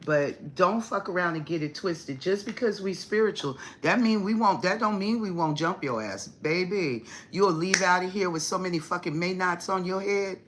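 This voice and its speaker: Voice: medium pitch, a bit bright, a little hiss or hum. A spiritual reader hosting a casual livestream chat with viewers, swearing freely, laughing often, teasing, and calling the audience baby and honey. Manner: affectionate address, calls viewers baby and honey. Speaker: spiritual reader and channel host.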